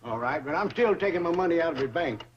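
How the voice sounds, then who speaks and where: A man's voice: on the high side, expressive, fast talker, slight background noise, natural voice. An actor playing a boastful, stubborn rustic old man, talking brashly and folksily. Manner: brash, folksy, self-pleased. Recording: dull old TV soundtrack with loud laugh track.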